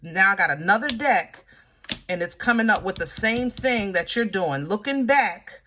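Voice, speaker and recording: A woman's voice: mid-range voice, lively intonation, normal speed, bright, forceful tone. A woman giving a casual tarot reading, talking straight to her viewers in an emotional, frustrated way, full of fillers and restarts. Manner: drawling, with many fillers and restarts. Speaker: tarot reader.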